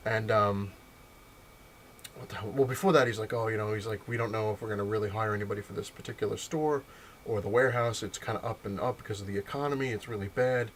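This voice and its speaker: New guy rambling thru a story on his vlog, lowish voice, cracks himself up, faint hum behind. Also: quick pace. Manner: rambling, laughs at his own jokes. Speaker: vlog host.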